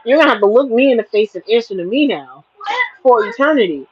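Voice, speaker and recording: A woman's voice: on the high side, animated, fast talker, slightly rough, no echo. A woman voicing a gloating male devil who jeers and taunts the people he tricked, over dull lo-fi audio. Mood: taunting. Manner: taunting, jeering.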